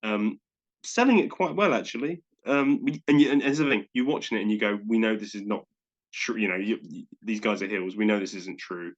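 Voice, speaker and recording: A man co-hosting a podcast in casual chat, enthusiastic and quick to act out little asides. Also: on the low side, dull audio. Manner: enthusiastic, talks in bursts with quick acted-out asides. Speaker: podcast co-host.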